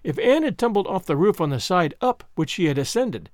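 Brief: male audiobook narrator, high voice, very animated, dry studio sound. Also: brisk, dry recording.

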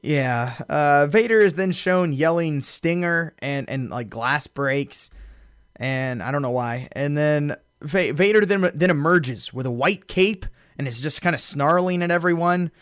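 A man hosting a casual podcast, recapping a wrestling show with amused storytelling and lots of fillers. His voice sits a little high for a man and sounds dry and close to the mic. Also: expressive, measured pace, a bit bright, clear, resonant tone, no echo. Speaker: podcast host.

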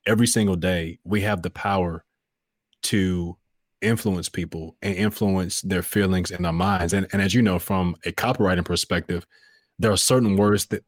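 A man in his thirties speaks with a very low, deep voice. He talks earnestly and reflectively as a podcast guest, with plenty of fillers and restarts. The sound is dry and close. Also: dry recording. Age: 30s. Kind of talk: casual podcast conversation.

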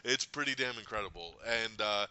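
A man hosts a casual podcast film review, excitedly retelling scenes and acting out lines with laughs. His voice is very bright and tense. The audio is dull and lo-fi. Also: on the low side, a little fast, dry recording. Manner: animated, retells scenes with laughs and acted quotes. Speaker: podcast host. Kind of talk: casual movie review chat.

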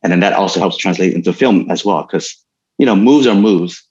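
Deep-voiced man, laid-back storyteller. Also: fairly quick, dull audio. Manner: relaxed storytelling with many fillers and frequent laughs. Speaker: guest, stuntman and martial artist. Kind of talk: casual interview conversation.

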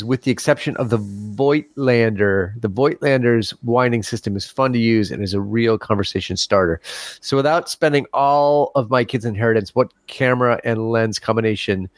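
A man's voice: medium pitch, no echo, studio quality. A man from Chicago hosting a podcast, reading listener mail in casual chat and tripping over his words with restarts. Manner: stumbling restarts, joking.

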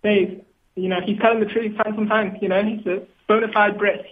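A man's voice: high-pitched, little pitch movement, a little fast, slight background noise. A man with a British accent calling in to a casual chat show, teasing and hesitant, often repeating his words. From Britain. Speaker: caller. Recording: tinny phone line.

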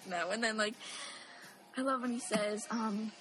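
A woman chatting casually about a movie, giggly and animated, acting out lines. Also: a little high, measured pace, soft background music.

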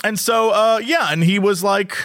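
Podcast co-host guy, high voice, rambly, lots of uh and like, dry sound. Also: normal speed, a bit bright, dry recording. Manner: rambling, hesitant fillers. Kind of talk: casual chat.

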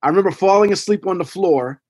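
A man's voice: high voice, quick pace. A man in his forties, a podcast co-host, telling a story in casual chat and acting out voices and sounds. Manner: animated, acts out voices and gunshot sounds.

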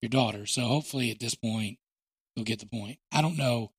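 A man hosting a podcast, telling stories in a joking, animated way. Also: mid-range voice, a little fast, slightly rough, no room sound. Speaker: podcast host. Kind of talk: casual chat.

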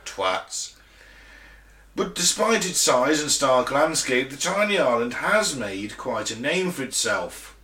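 This British man's mid-range voice sounds pushed and bright, animated yet slow-paced. As a podcast co-host he trades casual, sweary banter, laughing often, reading where listeners live and relating a story, with a roomy echo behind him.

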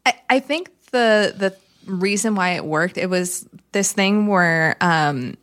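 A woman co-hosting a podcast, talking in a thoughtful, halting way and full of fillers. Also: mid-range voice, expressive, fairly bright tone. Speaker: podcast co-host. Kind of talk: casual chat.

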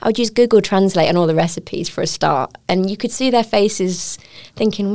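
A woman's voice: mid-range voice, very animated, normal speed, darkish tone. A woman with an English accent, talking as a restaurant-owner guest in a casual interview, laughing often and acting out quotes. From England.

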